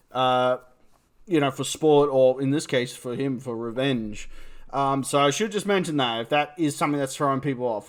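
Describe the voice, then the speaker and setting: A man's voice: medium pitch, a bit bright. A man with a New Zealand accent, casually reviewing a film, rambling and swearing as he talks. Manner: rambling, swears, laughs at himself. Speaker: movie reviewer.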